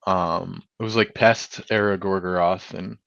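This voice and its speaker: A male musician guest in a casual interview, speaking in a relaxed way full of "like" and "um". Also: sits low, a little slow, creaky, no room sound, dull audio. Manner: relaxed, lots of "like" and "um" fillers.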